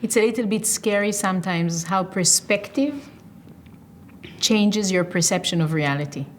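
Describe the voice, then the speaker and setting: A woman's voice: mid-range voice, normal speed, slight background noise. A woman hosting an interview, earnestly explaining ideas step by step and checking in with rhetorical questions. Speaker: podcast host.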